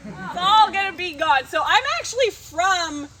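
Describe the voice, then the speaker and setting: Bright, joking woman speaking outdoors. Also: very high-pitched, slight background noise. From New York. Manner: quick, joking, teasing. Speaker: devotional speaker. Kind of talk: casual talk to an outdoor group. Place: outdoors in a grove.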